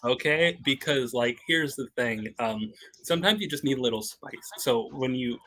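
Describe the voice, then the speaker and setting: A man chatting casually on a group live stream, animated and going off on rambling tangents. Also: medium pitch, moderate pace, slight background noise.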